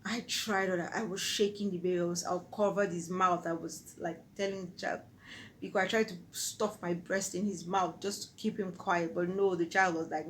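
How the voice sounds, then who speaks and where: Nigerian lady vlogging a personal story, earnest, lowish voice. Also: steady tone, moderate pace, slight background noise, low-quality recording. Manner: earnest, vivid retelling.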